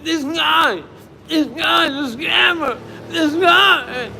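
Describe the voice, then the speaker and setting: A man mimicking a hostile male internet commenter who hurls accusations in shrill, mocking shouts. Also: takes it slowly, vocal fry, big-room sound, a little hiss or hum, full character voice, poor audio.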